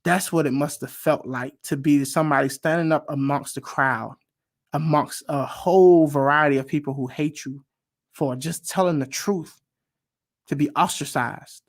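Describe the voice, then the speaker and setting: An animated man hosts a reaction video in a relaxed commentary style, with a speaking voice that sits a little high. He leans into his points, repeating words for emphasis and reaching for a preacher's call and response. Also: moderate pace. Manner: emphatic, repeats phrases for stress. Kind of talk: casual commentary.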